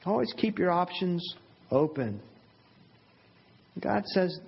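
Male pastor preaching, kinda husky, earnest and emphatic, dull lo-fi sound. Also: a little high, expressive, normal speed. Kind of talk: sermon.

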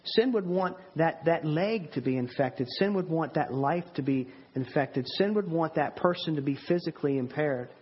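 A man's voice: a little high, slightly rough, lo-fi sound. A man preaching a sermon in an earnest, emphatic way, often repeating words and restarting his sentences.

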